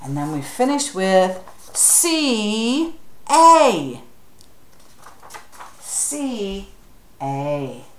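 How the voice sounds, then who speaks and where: A woman's voice: medium pitch, big pitch swings, drawn-out words, long pauses, echoey room. A woman leading a children's craft tutorial, patient and encouraging, spelling words out letter by letter and asking viewers to follow along. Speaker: children's craft leader at a church.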